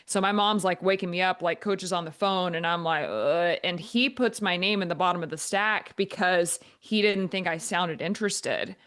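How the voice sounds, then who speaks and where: A woman in her forties, a volleyball coach, answering podcast interview questions in long, rambling answers with a naturally monotone voice. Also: fairly low pitch, normal speed, few pauses. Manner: talks in long flowing answers with many fillers.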